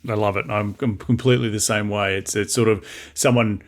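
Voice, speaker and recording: Quick-talking Australian man hosting. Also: lowish voice, steady tone. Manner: fast, upbeat questioner, frequent restarts. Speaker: podcast host. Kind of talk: interview podcast.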